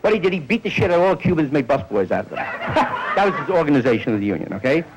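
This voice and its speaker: Animated stand-up comedian man, lively pitch. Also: fast, background noise. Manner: rambling storyteller, acts out bits of dialogue.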